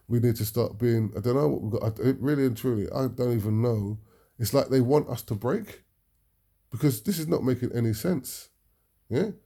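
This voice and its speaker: A British man speaks as a preacher, his voice gravelly and dark in tone. He drives his points home emphatically and often tags them with a questioning "yeah?". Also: medium pitch. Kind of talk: impassioned talk to an audience.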